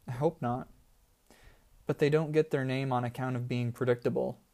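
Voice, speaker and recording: A man's voice: mid-range voice, fairly even intonation, normal speed, warm tone, natural voice. A man reading a story, voicing a practical, matter-of-fact woman guide in a slightly raised voice. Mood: reassuring. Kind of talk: audiobook character voice.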